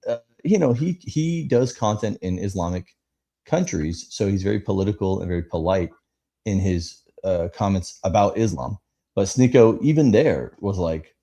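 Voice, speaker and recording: A man with a low, mellow voice co-hosts a live podcast in casual chat. He rambles through long stories, full of fillers and bursts of animation. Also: lively intonation, normal speed. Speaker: podcast co-host.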